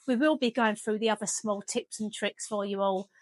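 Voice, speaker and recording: A woman's voice: medium pitch, fairly even intonation, moderate pace, darkish tone, no echo. A woman, a dog trainer talking casually as she demonstrates a lesson at home. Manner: chatty, firm commands to the dog. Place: home kitchen.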